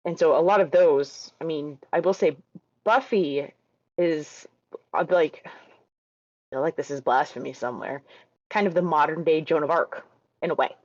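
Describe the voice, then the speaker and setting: A woman's voice: deep voice, moderate pace, pauses often, a little mellow, dry recording, dull audio. A woman guest on a podcast, chatting casually with playful asides. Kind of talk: casual chat.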